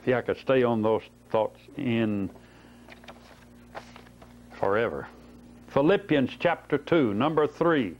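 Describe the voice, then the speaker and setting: Male preacher teaching scripture, folksy and questioning, mid pitch, dull lo-fi tape sound. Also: takes it slowly, long pauses, slight background noise. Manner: folksy storytelling, rhetorical questions. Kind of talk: Bible teaching sermon.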